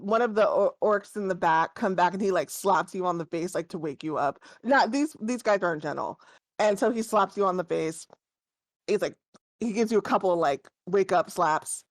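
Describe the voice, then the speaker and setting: A woman's voice: mid-range voice, dry recording. A woman narrating a tabletop game as game master, describing scenes in a rambling way full of fillers.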